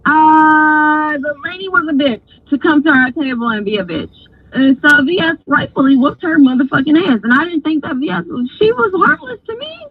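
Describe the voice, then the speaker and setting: A woman host telling a story in a casual, animated, profane way, acting out other people's lines. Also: high voice, moderate pace, dry recording. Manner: animated, profane, acts out quoted voices. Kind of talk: casual storytelling on a live stream. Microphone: phone. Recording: dry, husky, phone-like sound.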